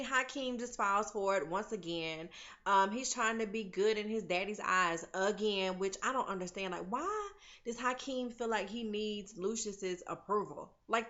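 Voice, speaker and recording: Woman doing a tv recap, bright voice, lively, acts out the lines, kinda muffled audio. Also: a little high. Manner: animated, chatty, acts out characters' lines. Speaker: TV recap vlogger. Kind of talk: casual TV recap chat. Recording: slightly dull lo-fi audio.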